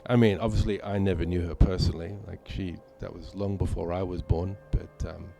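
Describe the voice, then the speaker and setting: A man's voice: sits low, fairly even intonation, fairly quick, gravelly, warm tone, faint music behind. A man from Malta chatting casually with viewers while playing a game on a live stream, rambling with many fillers. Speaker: gaming streamer.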